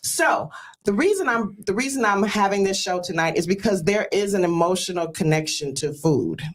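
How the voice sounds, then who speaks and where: A woman's voice: medium pitch, expressive, normal speed. A woman from Detroit hosting a talk show, telling stories in an earnest, emotional way with many fillers. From Detroit, USA. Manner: earnest, storytelling, with frequent fillers; exclaims praise like a church greeting. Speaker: host.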